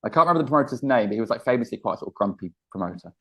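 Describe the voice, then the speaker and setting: A man, a comedian guest telling stories in a casual interview, animated and laughing often. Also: medium pitch, rapid-fire, breathy edge. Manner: animated storyteller, laughs often, acts out quotes.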